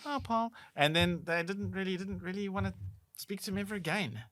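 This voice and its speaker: Bright, enthusiastic male co-host, casual chat. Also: high voice, fairly even intonation, a little fast. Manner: enthusiastic, gushing about songs. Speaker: podcast co-host.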